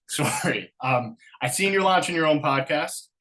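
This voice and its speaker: A man hosting a podcast, asking his guest questions in a halting way and laughing as he goes. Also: fairly high pitch, expressive, a crowd in the background. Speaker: podcast host. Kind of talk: casual interview questions. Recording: distant from the mic.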